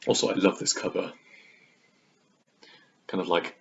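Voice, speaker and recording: Brief: lower-voiced man, theatrical book vlogger, muffled lo-fi recording. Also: steady tone, brisk, vocal fry, pauses often. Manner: chatty and theatrical, slipping into exaggerated quoted voices. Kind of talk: casual book review vlog. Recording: dull lo-fi recording.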